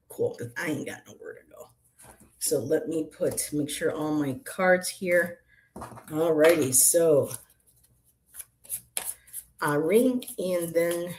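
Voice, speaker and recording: This tarot reader's voice sits low and sounds a little mellow. She runs a laid-back livestream from her apartment room, reading cards, addressing viewers by name, and rambling with frequent laughter.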